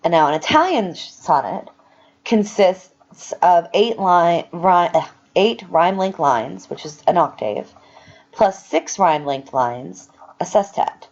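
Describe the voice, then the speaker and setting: A woman's voice: on the low side, animated, takes it slowly, lo-fi sound. A woman teaching a recorded lecture, explaining things step by step with some fillers and self-corrections.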